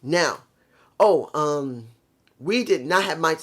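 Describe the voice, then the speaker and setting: A man's voice: a little high, expressive, takes it slowly. A man giving a casual, opinionated review monologue. He rants bluntly, swears freely, and has a worn voice he calls messed up. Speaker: show reviewer.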